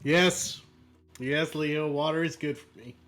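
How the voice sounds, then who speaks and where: Guy streaming from home, kinda high voice, chatty, keeps repeating stuff, faint music under it. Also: steady tone, slow pace, fairly bright tone. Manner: chatty, exclaiming, repeating words. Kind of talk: casual live-stream chat.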